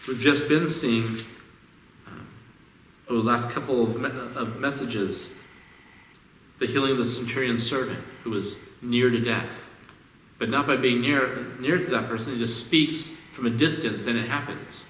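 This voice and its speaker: Here a man preaches in a church sanctuary, using a mid-range, fairly bright voice at a moderate pace. He keeps the sermon conversational and often repeats words when restarting a phrase. There's slight hiss or hum, an echoey hall, and a distant mic.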